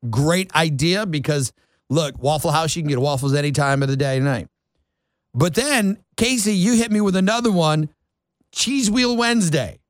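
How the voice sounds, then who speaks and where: A man's voice: fairly high pitch, expressive, normal speed, no room sound. A man hosting a morning talk radio show, chatting in a rambling, playful and self-mocking way into a studio mic. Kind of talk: casual morning radio chat.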